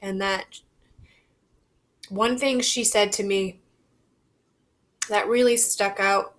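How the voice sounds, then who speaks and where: A young woman vlogging to camera, talking in a halting, reflective and candid way, swearing casually. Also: mid-range voice, steady tone, a bit bright. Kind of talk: personal confessional vlog.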